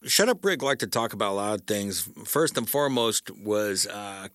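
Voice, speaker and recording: A man's voice: on the low side, animated, fairly bright tone, dry recording, clean studio sound. Wry man telling a personal story. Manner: wry, conversational, halting with fillers.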